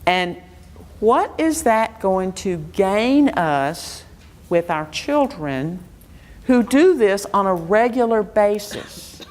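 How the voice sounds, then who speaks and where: A woman educator teaches a live workshop, asking her audience question after question. Her delivery is slow and deliberate, yet her pitch rises and falls in a lively way. She speaks to a room full of listeners. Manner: quizzes the audience with rapid questions. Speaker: Montessori educator giving a workshop talk. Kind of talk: interactive workshop lecture. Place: lecture room before an audience.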